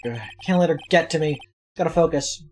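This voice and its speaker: A woman's voice: low-pitched, fairly quick, a little mellow, a little hiss or hum, pitched below the performer's own voice, lightly acted. A woman reading an earnest young defense lawyer. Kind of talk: fan voice read of a game.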